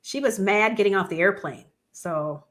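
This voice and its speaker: A woman's voice: mid-range voice, normal speed, a bit bright. A woman co-hosting a casual podcast, telling the story of a show in her own words. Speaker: co-host.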